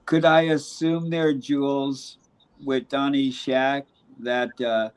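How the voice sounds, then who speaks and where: A man's voice: mid-range voice, level tone, takes it slowly, clean tone. A man chatting casually as a guest, dropping dry jokes. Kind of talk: casual chat.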